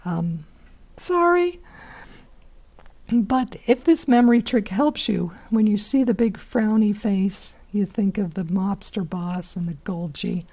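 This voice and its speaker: A hoarse woman teaching biology in a chatty recorded lesson, with many fillers and whispery asides. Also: medium pitch, unhurried, mellow.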